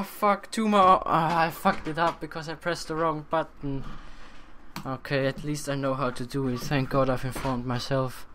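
Casting: young man on a desk mic, slightly high, cursing horror-game commentary. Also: slight background noise. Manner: swears a lot and yells at jump scares. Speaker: let's play gamer.

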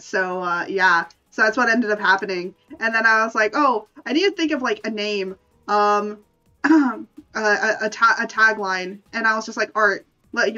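A woman's voice: medium pitch, pushed and bright, dull audio. A woman streamer chatting casually while she draws, rambling, correcting herself and laughing often. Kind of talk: casual chat while drawing.

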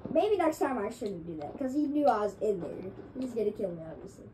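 A woman streaming gameplay, with excitable trash talk and sudden yelps. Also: fairly high pitch, fairly quick, hardly any pauses, noisy background. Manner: excitable, trash-talking, yelps when killed. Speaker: gaming streamer. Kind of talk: live gameplay commentary.

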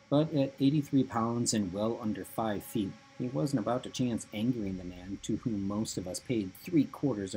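A man reading a story aloud in an even storytelling manner. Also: lowish voice, a little hiss or hum, poor audio. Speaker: reader. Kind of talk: audiobook narration.

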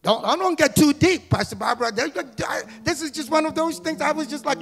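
A male guest pastor preaching an Easter sermon, firing repeated questions at the congregation and building into shouted, sing-song crescendos. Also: very high-pitched, very animated, a little fast, gravelly, few pauses. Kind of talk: Easter sermon with call-and-response. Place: church sanctuary. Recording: church hall reverb with music.

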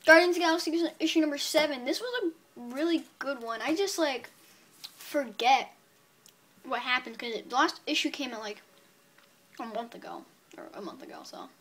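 A woman's voice: high-pitched, animated, moderate pace, a bit bright. A woman casually reviewing her comic book purchases on video, chatty and upbeat, rambling with many fillers.

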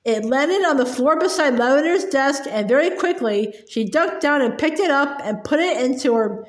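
Woman narrator, high voice, expressive read-aloud, echoey room. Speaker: storybook reader. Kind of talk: chapter book read-aloud.

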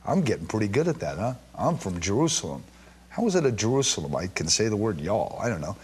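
A man teaching from the Bible to an audience, emphatic, repeating key words and reading verses slowly with stress, with chatty asides and questions to his listeners. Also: on the low side, big pitch swings, darkish tone, husky. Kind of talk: teaching to a live and streamed audience.

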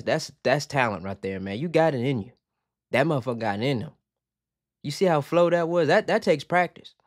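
Excitable man reacting, dry mic. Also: fairly high pitch, dry recording. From Virginia, USA. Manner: excitable, profane, keeps repeating "man". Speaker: reaction video host. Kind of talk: casual reaction commentary. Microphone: headphones on, talking to camera.

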